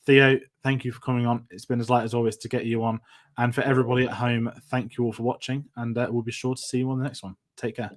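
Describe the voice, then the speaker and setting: A man's voice: medium pitch, flat delivery, fast. A man hosting a film review show, chatting casually and running through upcoming content. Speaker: film review podcast host. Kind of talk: casual chat.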